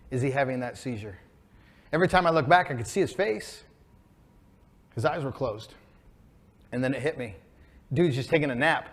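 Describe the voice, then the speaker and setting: A man in his forties telling an emotional, inspiring story on stage as a keynote speaker, building to excited peaks. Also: medium pitch. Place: stage before a live audience.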